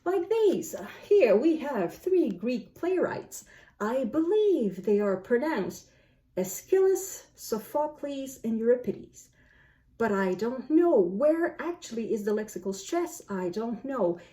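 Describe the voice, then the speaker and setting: A woman's voice: on the high side, sing-song, unhurried, warm tone. A woman whose first language is French, talking to camera as a book vlogger, musing aloud and asking herself questions. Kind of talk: casual talk to camera.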